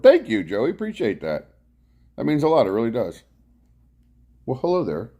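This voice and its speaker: A man's voice: mid-range voice, wildly swooping pitch, normal speed, pauses often, warm tone. A man hosting a casual live stream from his couch at home, greeting viewers by name and rambling about his rides. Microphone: clip-on mic worn from bike riding.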